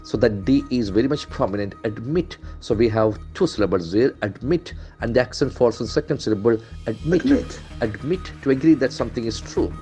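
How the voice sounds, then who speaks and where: A man's voice: mid-range voice, fast talker, hardly any pauses, dark tone, soft background music. A man from India, an English trainer, going through newspaper headlines in a lesson, spelling words letter by letter and repeating their pronunciation.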